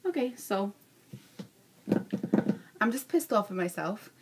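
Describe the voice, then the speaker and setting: A woman's voice: mid-range voice, animated, slow, very noisy. A young adult woman ranting casually in a vlog, frank and self-mocking, cursing freely. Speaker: vlogger.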